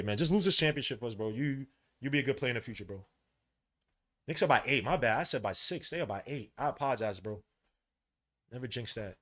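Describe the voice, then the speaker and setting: A man, hosting a podcast and giving live, slangy commentary while watching a basketball game, getting loud at big plays. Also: mid-range voice. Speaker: podcast host.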